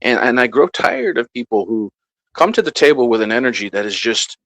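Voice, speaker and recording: A man's voice: mid-range voice, expressive, brisk, a bit bright, no room sound, poor audio. A man ranting bluntly and profanely in a heated casual panel talk.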